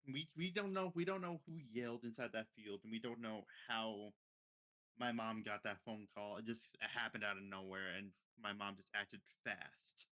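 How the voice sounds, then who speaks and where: Young male podcast co-host, bright tone, rambling casual storyteller who repeats and restarts his phrases. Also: mid-range voice. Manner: rambling, repeats words and restarts, mimics others' speech.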